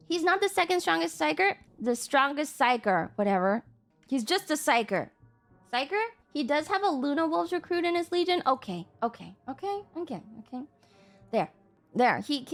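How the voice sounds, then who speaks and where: Young woman streamer, high voice, casual and foul-mouthed, quick to exasperated rants at chat. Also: expressive. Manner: profane, exasperated outbursts at chat.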